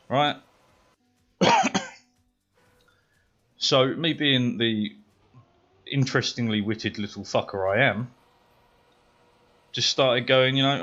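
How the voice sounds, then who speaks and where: A man's voice: normal speed, long pauses, lo-fi sound. Foul-mouthed British man telling a story. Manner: profane, swears constantly; animated, gets louder and higher when worked up. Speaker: gaming streamer. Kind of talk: casual storytelling.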